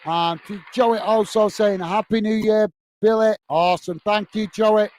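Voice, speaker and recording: A man's voice: high voice, steady tone, measured pace, a little mellow, slight background noise. A man hosting a football fan livestream, casually reading out viewer comments in a friendly, chatty way, full of "uh" and "mate". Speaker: football channel host.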